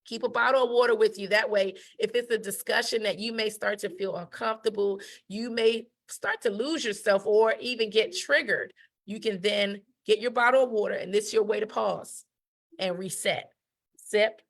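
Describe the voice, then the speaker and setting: An emphatic woman talks through etiquette in a relaxed teaching style. She repeats her main points, keeps asking "right?", and drops into short acted-out voices when she quotes someone. Her pitch sits in an ordinary middle range. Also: normal speed. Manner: emphatic, repeats key phrases, asks "right?"; acts out quoted speech. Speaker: etiquette educator. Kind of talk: conversational teaching talk.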